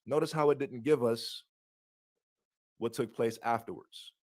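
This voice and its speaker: A man's voice: medium pitch, a little slow. A man leading a bible study, reading scripture aloud and breaking off with rhetorical questions and frequent restarts. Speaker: bible teacher.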